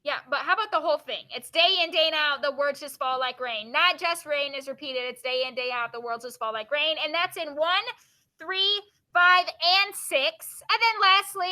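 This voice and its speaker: A woman teacher reading poems aloud to her class and quizzing her students with quick questions. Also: high voice, bright, forceful tone.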